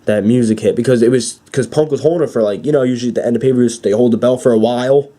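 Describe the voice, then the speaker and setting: A young man giving an excited, rambling fan recap with many fillers and restarts. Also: mid-range voice, racing. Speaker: wrestling fan vlogger.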